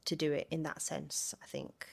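A woman's voice: low voice, level tone, normal speed, creaky, darkish tone. A young woman from London, an actor, chatting casually in an interview, with lots of fillers and laughter as she tells stories.

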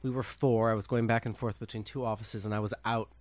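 A man, a fashion designer, telling lively stories in a casual interview and acting out other people's voices. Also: on the low side, fast talker, no echo. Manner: animated, acts out quoted voices, laughs often.

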